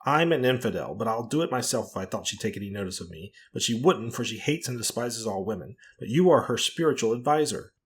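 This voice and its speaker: A man voicing a forceful, indignant middle-aged woman, the rector's wife, who speaks insistently. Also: mid-range voice, lively intonation, quick pace, hardly any pauses, close to an everyday voice. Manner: insistent and forcible.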